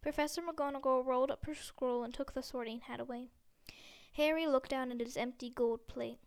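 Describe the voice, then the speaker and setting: A woman reading a storybook aloud in a steady, gentle way, with small slips. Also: sits high, normal speed, clean tone. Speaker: audiobook reader. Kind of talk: storybook narration.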